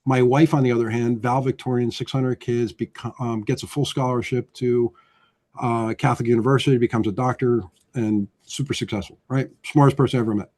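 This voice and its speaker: A man from New Jersey, a guest loan officer, telling stories with lively acted-out quotes. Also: brisk. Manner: animated, acts out quotes with swinging pitch. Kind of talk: energetic storytelling chat.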